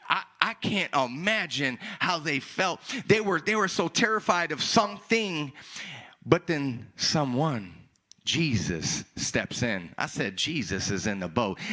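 Male pastor, sermon; bright, fairly high voice, repeats himself, bursts into shouts. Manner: animated, repeats words, breaks into shouts.

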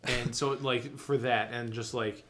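A man's voice: medium pitch, steady tone, unhurried, bright, forceful tone, slight background noise. A young man co-hosting a podcast in casual chat, rambling enthusiastically and swearing. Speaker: podcast co-host.

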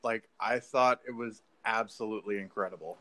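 A man in casual podcast chat, rambling excitedly through a story with lots of filler words and swearing. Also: on the low side, brisk. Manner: rambling, profane, filler-heavy, says "like" and "dude".

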